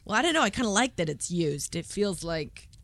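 A woman hosting a podcast, chatting casually and telling lively stories. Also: medium pitch, fairly quick, slight background noise. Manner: chatty, excitable storytelling with laughs. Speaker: podcast host. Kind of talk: casual interview chat.

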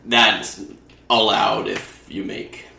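A man's voice: fairly low pitch, sing-song, slow pace, vocal fry, pushed and bright, roomy sound, far from the mic, a little hiss or hum. A man in improvised comedy playing a park ranger, who scolds patiently and sounds exasperated.

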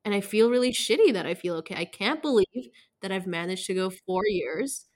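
Woman in casual talk, emotional and halting, says "like" a lot. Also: mid-range voice, expressive, darkish tone. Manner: emotional, halting, many "like" fillers. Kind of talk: candid casual conversation.

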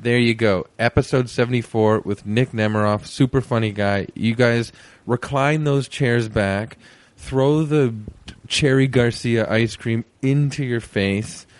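A man's voice: mid-range voice, fairly even intonation, unhurried, no room sound. A young man hosting a podcast, rambling and joking through a casual intro. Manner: rambling, self-deprecating, jokey. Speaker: podcast host.

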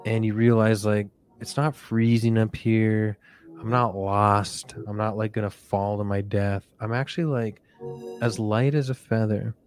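Rambling man doing a soft relaxation bit. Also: fairly low pitch, flat delivery, unhurried, clear, resonant tone, faint music behind. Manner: rambling, goofy, softly drifting. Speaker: podcast host. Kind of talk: parody guided relaxation.

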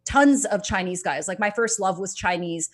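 A woman's voice: medium pitch, moderate pace. A woman in casual chat, candid and profane, laughing often as she talks.

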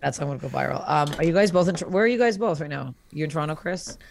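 A woman's voice: low-pitched, lively intonation, quick pace, creaky, a little hiss or hum. A woman in her thirties hosting a podcast, telling a story in casual chat with comic heat and frequent laughter. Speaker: podcast host.

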